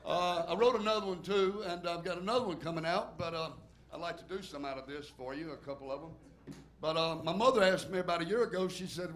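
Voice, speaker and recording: A man's voice: a little high, fast, a bit bright, slight background noise. A middle-aged man from Alabama with a Southern accent, a stand-up comic on a club stage reciting bawdy, crude poems in a rambling way and laughing at his own lines.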